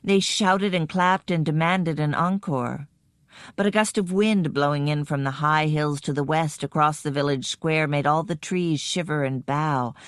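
A woman narrating a first-person story in a measured, even storytelling manner. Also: deep voice, clean tone, no room sound, studio quality. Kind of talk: scripted audiobook narration.

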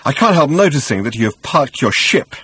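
Man putting on a cocky, sneering two-headed alien rogue, pitched up high and loud, with a husky edge to the voice. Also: sing-song, brisk, no room sound. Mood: sarcastic. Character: brash excitable two-headed male alien adventurer.

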